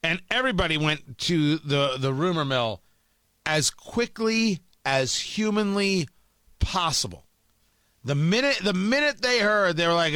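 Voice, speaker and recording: A man's voice: a little high, lively intonation, a little slow, pushed and bright, clear, resonant tone, no echo. A middle-aged man hosting a talk radio show, riffing in a monologue, often restarting his sentences and acting out quotes.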